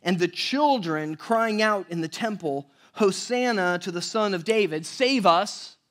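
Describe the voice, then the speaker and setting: A man preaching a sermon as pastor, conversational and animated, often checking in with the audience. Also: sits high, measured pace.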